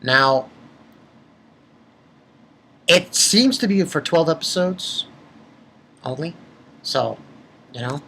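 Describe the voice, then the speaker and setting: Man, casual episode review, rambling and swearing, husky voice, lively pitch. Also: slow pace, long pauses. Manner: rambling, swears, frequent restarts. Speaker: anime reviewer.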